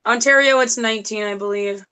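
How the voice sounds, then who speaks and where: A woman joining a casual chat, slow and teasing. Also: on the high side, crowd noise.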